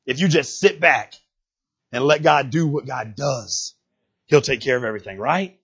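A male pastor preaching a sermon in a folksy, emphatic way that swells to shouts. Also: medium pitch, normal speed, slightly rough, lo-fi sound.

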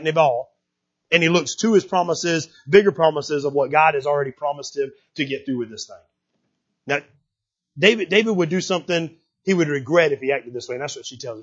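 A man's voice: fairly high pitch, fairly bright tone, husky, lo-fi sound. A man preaching a sermon in a conversational way, often repeating words and checking in with the congregation. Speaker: pastor.

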